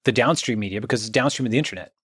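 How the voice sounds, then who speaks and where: Male guest, emphatic explainer, tags his points with "right?", mid-pitched voice. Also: very fast, a bit bright, husky, dry recording, studio quality. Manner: emphatic, checks in with "okay?" and "right?". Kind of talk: conversational interview.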